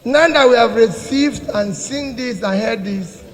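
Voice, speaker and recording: A man addressing a party meeting, speaking deliberately and repeating words as he gathers his thoughts. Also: very high voice. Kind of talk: public address. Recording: echoey hall with long reverb.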